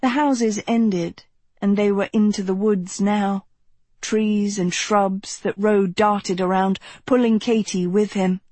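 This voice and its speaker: A woman reading fiction aloud at an unhurried, measured pace. Her voice is husky, and the close recording sounds dry with no room around it. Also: mid-range voice, fairly even intonation, warm tone, no echo. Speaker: audiobook narrator. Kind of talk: scripted narration.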